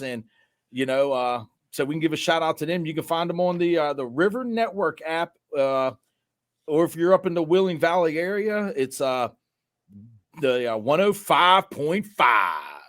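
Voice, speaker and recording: Easygoing, slightly higher-voiced man. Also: lively intonation, fairly bright tone. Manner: easygoing, jokey, quick reactions. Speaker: podcast co-host. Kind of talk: casual chat.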